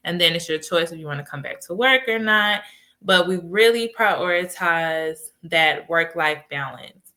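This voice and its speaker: A woman hosting a podcast, talking casually and telling stories in an animated way. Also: lowish voice, measured pace. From United States. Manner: animated storytelling with laughs. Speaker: podcast host and life coach. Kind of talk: casual solo podcast talk.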